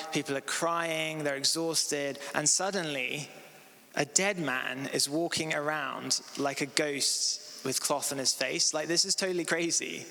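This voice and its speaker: A man's voice: fairly high pitch, bright, forceful tone. A man in his thirties giving a sermon in a church hall, talking casually with many "like" and "um" fillers. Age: 30s. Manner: casual, filler-heavy with frequent "like" and "um". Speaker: preacher. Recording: long reverb of a church hall.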